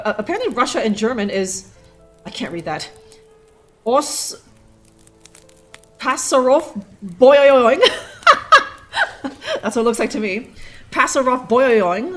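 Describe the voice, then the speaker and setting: A woman streaming a detective game live, rambling and laughing as she sounds out German words with frequent curses. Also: medium pitch. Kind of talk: casual live gameplay commentary.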